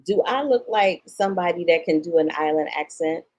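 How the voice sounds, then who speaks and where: Low-voiced woman critic, chatty and emphatic. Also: a little fast, a little mellow, rough recording. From St. Louis, Missouri. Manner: emphatic, slangy asides to listeners. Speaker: film critic and podcast host. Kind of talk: casual film review chat.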